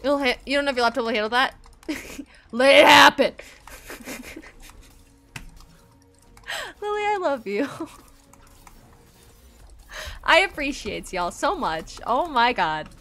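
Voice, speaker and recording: A woman game streamer chatting live with viewers, excitable and gushing, swearing often and squealing and laughing between lines. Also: sits high, slow pace, pauses often. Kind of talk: casual live-stream chat.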